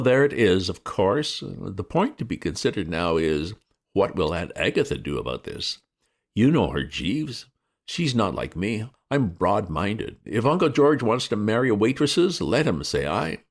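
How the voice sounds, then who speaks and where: A man voicing a breezy, flippant young gentleman who chatters excitably. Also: lowish voice, unhurried, voice pushed up, full character voice.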